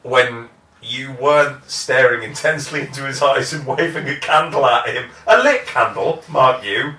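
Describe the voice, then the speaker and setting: A podcast co-host who trades dry, teasing remarks and laughs often. His voice is bright and forward. The recording is roomy and echoey, with the mic set some way off. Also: mid-range voice, animated, moderate pace. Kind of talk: casual chat. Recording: roomy echo, mic at a distance.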